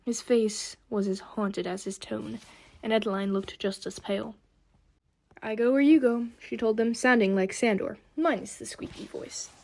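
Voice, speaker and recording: A woman's voice: mid-range voice, steady tone, normal speed, creaky. A woman narrating an audiobook, reading expressively and giving the characters their own voices.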